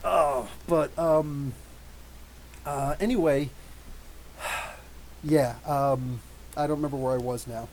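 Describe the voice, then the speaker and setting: A man in his thirties hosting a live podcast, reading out chat messages and rambling animatedly with quick asides and frequent laughs. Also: medium pitch, steady tone, a little hiss or hum, low-quality recording. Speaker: podcast host. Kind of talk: live stream chat reading super chats.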